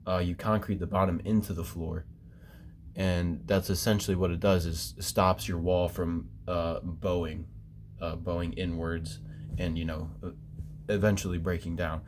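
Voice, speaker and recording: A man's voice: low voice, level tone, normal speed, a little mellow, slight background noise. A man ranting casually about quitting his job, swearing constantly and rambling with fillers and restarts. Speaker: former basement waterproofing worker. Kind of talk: casual profane rant.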